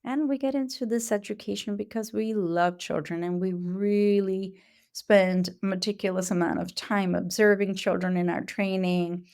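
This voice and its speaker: A woman who works as a Montessori educator, giving an earnest, explanatory conference talk with frequent pauses and fillers. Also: mid-range voice, steady tone, a little mellow.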